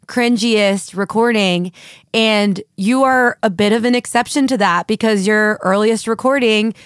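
A woman's voice: medium pitch, a little slow, clear, resonant tone, dry recording, clean studio sound. A woman hosting a casual interview podcast, playful and teasing with her guest. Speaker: podcast host.

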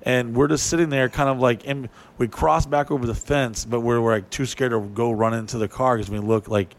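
Animated, profane man storyteller. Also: mid-range voice, brisk. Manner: animated, profane, acts out dialogue in a raised voice. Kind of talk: casual storytelling.

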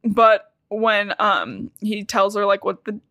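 A woman hosting a casual book-recap podcast, swearing freely and retelling scenes with animated, giggly energy. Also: medium pitch, slow, no room sound, clean studio sound. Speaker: podcast host.

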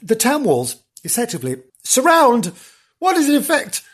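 A man hosting a podcast in a theatrical, giggly way, still husky after losing his voice. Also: extremely high pitch, wildly swooping pitch, moderate pace. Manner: theatrical, giggly, swoops up on exclamations. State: recovering from lost voice. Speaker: podcast host. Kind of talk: camp chatty podcast hosting.

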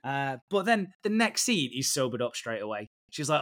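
A man's voice: mid-range voice, very animated, normal speed, a bit bright. A man with a British accent co-hosting a podcast, casually recapping a show and swearing freely. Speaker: podcast co-host. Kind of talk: casual chat.

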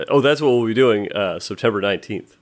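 A man co-hosting a comedy podcast, a bit hoarse, goofy and giggly, rambling as he talks. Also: fairly low pitch, lively intonation, a little fast. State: slightly hoarse voice. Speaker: podcast co-host. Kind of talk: casual comedic banter.

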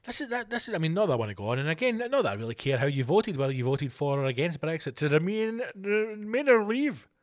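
A man's voice: a little high, big pitch swings, racing, few pauses. A Scottish man hosting a podcast, reading news items aloud and ranting about them in a sweary, exasperated way. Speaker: podcast host.

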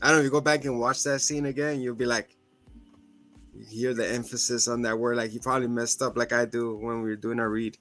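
A man's voice: medium pitch, little pitch movement, brisk, fairly bright tone. Guy hosting a chill podcast, laughs a lot, does goofy voices for quotes, faint music behind. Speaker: podcast co-host. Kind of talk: casual chat.

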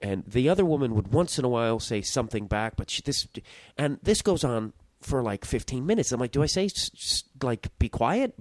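In a dry recording, a young podcast host meanders through a story, cutting himself off mid-thought and cursing offhandedly. His voice falls in the mid range.

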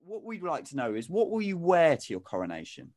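A man co-hosting a relaxed chat, his voice rising and falling a lot. He jokes dryly and pokes fun at himself. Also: a little high, a little fast, faint music behind. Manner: wry, joking, self-deprecating. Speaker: podcast host. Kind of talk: casual chat.

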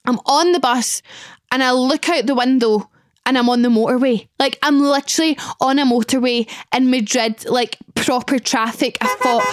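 A woman's voice: on the high side, normal speed, dry recording, clean studio sound. A young Scottish woman hosting a podcast who tells a story with dramatic energy and acts out the dialogue. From Scotland. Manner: animated, dramatic retelling with acted-out dialogue. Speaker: podcast host. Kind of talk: casual storytelling.

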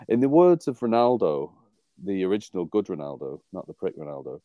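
A man's voice: low voice, big pitch swings, a little fast, warm tone, dry recording. A man from England co-hosting a rugby podcast in casual chat, rambling and wry, often laughing at his own jokes. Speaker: podcast co-host.

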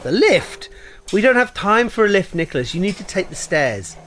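A man voicing a brisk British male field agent who barks clipped radio commands. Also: high voice, big pitch swings, a bit bright, a little hiss or hum, voice pushed up. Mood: commanding.

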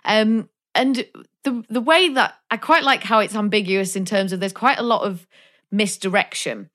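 Animated woman chatting about films. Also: medium pitch, moderate pace. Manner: animated, acts out reactions in quoted asides. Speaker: podcast co-host. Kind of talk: casual film discussion.

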